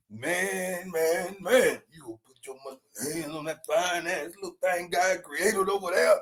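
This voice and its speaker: A young man hosting a rowdy reaction commentary show, shouting, laughing and dropping to mutters. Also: sits high, a little slow, few pauses. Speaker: YouTube commentary host. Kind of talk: loud animated reaction commentary.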